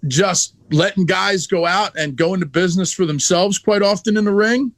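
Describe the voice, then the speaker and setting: A man's voice: high voice, moderate pace, no room sound. A man who is a wrestler guest, telling a story in a blunt, profane, heated way in a casual interview.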